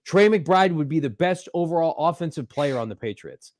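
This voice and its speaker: A man's voice: fairly high pitch, expressive, normal speed, darkish tone, no room sound. A man hosting a sports podcast, giving opinions in a punchy, emphatic casual chat from a studio. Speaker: podcast host.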